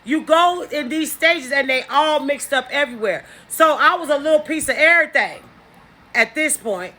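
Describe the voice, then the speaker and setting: A woman's voice: high voice, expressive, normal speed, pushed and bright. A woman telling a personal story in a casual, emphatic monologue, bluntly and with frequent asides to her listeners. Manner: blunt, occasional cursing.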